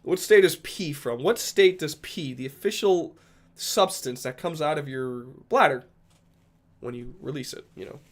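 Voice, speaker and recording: A man from Rhode Island streaming and chatting casually with his viewers. He rambles, jokes and swears freely, in a somewhat high voice. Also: unhurried. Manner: rambling, joking, profane. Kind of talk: casual livestream chat with viewers.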